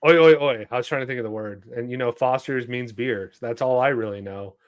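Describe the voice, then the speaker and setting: A man hosting a relaxed podcast in a loose, chatty way, with lots of filler words. His voice sits at an ordinary middle pitch for a man. He speaks in easygoing everyday tones. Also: fast talker. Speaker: podcast host. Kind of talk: casual podcast chat.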